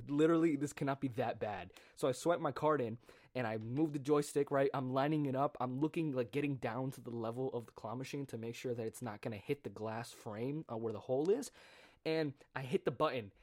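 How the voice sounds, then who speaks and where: A man's voice: medium pitch, a little mellow. A young man telling a story in a casual monologue, ranting with sarcastic, profane asides. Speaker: podcast host.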